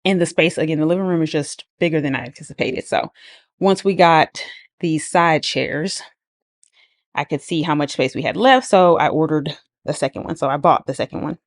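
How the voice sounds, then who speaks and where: A woman's voice: low-pitched, normal speed, no room sound, studio quality. A woman giving a casual, rambling home tour walkthrough with lots of ums and likes, slightly out of breath as she walks around a living room. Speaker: home decor vlogger.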